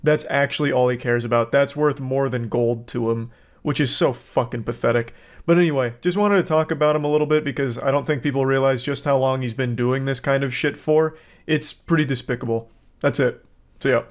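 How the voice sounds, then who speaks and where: A man's voice: medium pitch, fairly even intonation, brisk. A man giving blunt, profane, sarcastic commentary on video clips. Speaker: commentary host.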